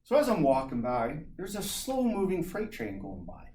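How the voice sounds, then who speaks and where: A man giving a humorous personal story as a club speaker, lively and chuckling, imitating sounds as he goes. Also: a little high, normal speed.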